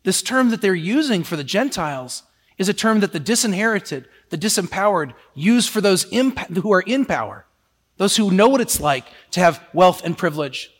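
A man preaching a sermon in a lively, conversational way, often slipping into quoted voices. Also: sits high, moderate pace, in a large hall.

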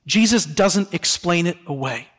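A male pastor delivers a sermon in a high, expressive voice. He drops soft and slow on solemn words and rises on rhetorical questions to the congregation. His voice carries a long reverb through the church sanctuary. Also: husky.

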